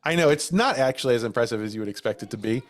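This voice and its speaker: A man's voice: mid-range voice, animated, very fast. A man co-hosting a live podcast, sharing history with wry, dry quips. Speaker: podcast co-host.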